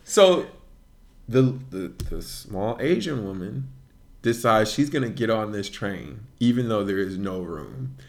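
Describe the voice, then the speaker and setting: A man, co-hosting a podcast in casual chat and telling a story with lively, laughing delivery. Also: unhurried. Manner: animated storyteller, laughs often, voice jumps high. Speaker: podcast co-host.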